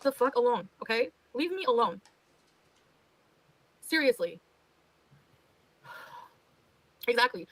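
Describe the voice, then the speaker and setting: A woman's voice: high voice, expressive, measured pace, pauses often, a bit bright, no room sound, low-quality recording. A woman ranting defensively on a livestream, exasperated and swearing as she talks. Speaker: livestreamer being reacted to. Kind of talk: heated livestream rant.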